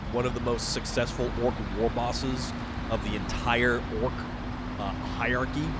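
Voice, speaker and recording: A man hosting a livestream, chatting excitedly and answering viewers while he plays a video game. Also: mid-range voice, very noisy. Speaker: livestream host. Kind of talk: casual chat while playing a video game.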